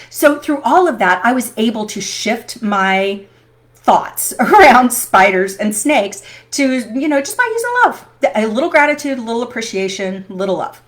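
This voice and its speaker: A woman with a slightly high voice shares personal stories in a casual vlog. She talks in a chatty, animated way and laughs often as she goes. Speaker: vlogger.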